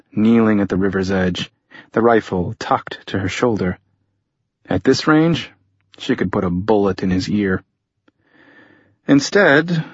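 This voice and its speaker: A man narrates a thriller audiobook in measured, tense storytelling. His voice is low, husky and slowly paced. The recording is dry and close, with a dull lo-fi tone. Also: dry recording.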